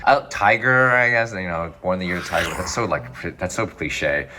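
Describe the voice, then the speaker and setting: A man being interviewed as a physician guest, talking casually in quick, rambling answers that restart and self-correct. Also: low-pitched, sharp tone, a little hiss or hum.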